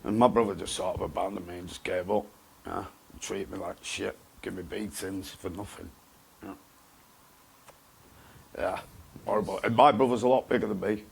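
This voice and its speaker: A man, talking bluntly and haltingly in a candid interview, often repeating himself. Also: low voice, fairly even intonation, creaky, slightly rough. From England. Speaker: interview guest.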